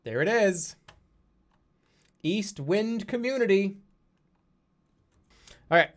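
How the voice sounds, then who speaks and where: Animated joking male streamer. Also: a little high, measured pace, pauses often. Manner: jokey, animated, talks to chat. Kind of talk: casual live-stream commentary.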